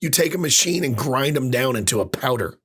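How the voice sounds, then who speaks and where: A man co-hosting a casual podcast, ranting with lots of swearing, his voice a little rough from recovering after losing it. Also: mid-range voice, fairly quick. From Ireland. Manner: animated ranting with frequent swearing. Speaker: podcast co-host.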